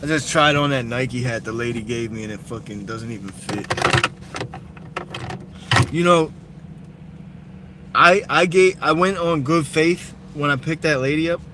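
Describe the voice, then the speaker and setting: On a live stream from inside his car at night, a young man chats casually while driving, telling a loose story and swearing freely. His voice sits on the high side, unhurried and full of pauses, and the audio is very noisy.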